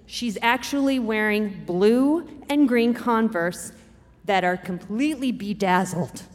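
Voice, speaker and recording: A middle-aged woman telling a personal story in an animated, expressive way, acting out quotes. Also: mid-range voice, slow. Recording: long hall reverb.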